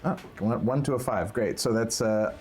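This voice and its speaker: A man playing in a tabletop game, joking and quick to laugh. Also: mid-range voice, a little mellow, slight background noise. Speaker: player. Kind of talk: casual tabletop play.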